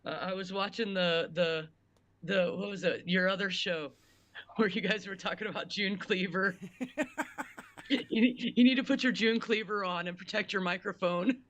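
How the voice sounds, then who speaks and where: A woman's voice: mid-range voice, normal speed, a bit bright. A woman guest on a podcast, chatting in a playful, teasing way, often stopping and restarting her sentences. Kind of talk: casual chat.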